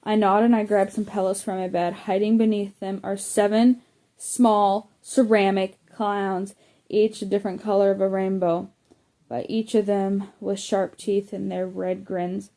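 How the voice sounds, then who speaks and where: A woman's voice: medium pitch, little pitch movement, a little slow, dark tone. A woman narrating a first-person middle-grade audiobook, reading plainly with occasional slips and self-corrections. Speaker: audiobook reader.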